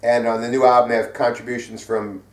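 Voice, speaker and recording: A man's voice: mid-range voice, little pitch movement, fast. Rambling middle-aged man in a roomy space. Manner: rambling, profane, many fillers. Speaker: co-host. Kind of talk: casual metal news chat. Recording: roomy sound from a distant mic.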